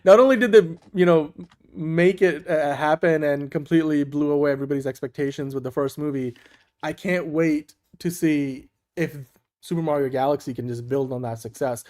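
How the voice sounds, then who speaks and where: A man co-hosts a casual online talk show, upbeat and often laughing, with frequent restarts in this casual chat. His voice is a little high with a darkish tone and a moderate pace.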